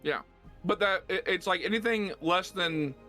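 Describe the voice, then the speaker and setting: A man's voice: sits high, normal speed, bright, forceful tone, soft background music. A man playing a tabletop game, asking eager questions about the rules. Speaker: player. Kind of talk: casual tabletop play.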